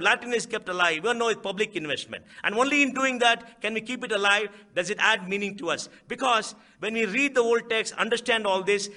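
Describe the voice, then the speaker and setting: A man with an Indian English accent gives an emphatic public speech at a book event, posing rhetorical questions and repeating key phrases. His voice is very high with a sharp tone.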